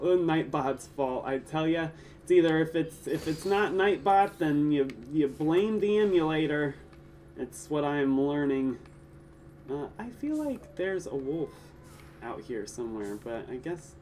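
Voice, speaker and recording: A playful streamer talks casually through a live game, chatting with viewers, breaking into mock outbursts and silly sound effects. The voice sits at a middling pitch, picked up from a slight distance, with a faint hiss of background noise. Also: darkish tone. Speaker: gaming streamer. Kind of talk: casual live gameplay commentary.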